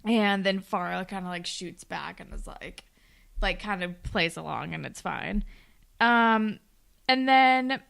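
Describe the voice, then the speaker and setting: A woman's voice: medium pitch, slow pace, creaky, a bit bright, clean tone. A woman co-hosting a podcast, chatting casually and swearing, quoting characters in mocking voices. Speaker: podcast co-host. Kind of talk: casual chat recapping a TV episode.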